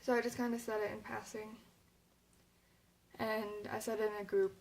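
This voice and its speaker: A woman's voice: mid-range voice, flat delivery, moderate pace, creaky, darkish tone, low-quality recording. A young woman talking casually to her camera, rambling, with lots of "like" and fillers, and sounding a little emotional. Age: young adult. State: emotional, near tears. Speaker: vlogger.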